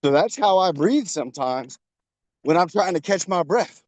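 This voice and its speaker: A man's voice: sits high, animated, moderate pace, a little mellow, no echo. A man coaching a workout while jogging outdoors, encouraging and a little out of breath. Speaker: fitness coach. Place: outdoors on a trail.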